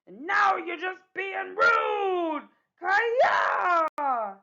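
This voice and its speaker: A woman's voice: fairly high pitch, sing-song, normal speed, fairly bright tone, dull audio. Woman doing a blustering storybook pirate. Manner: gruff pirate talk with "arr" and "matey".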